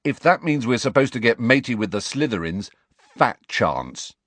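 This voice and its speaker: A man's voice: mid-range voice, very animated, normal speed, fairly bright tone, dry recording, voice pushed up. A man voicing a blunt, joking teenage boy in a storybook reading.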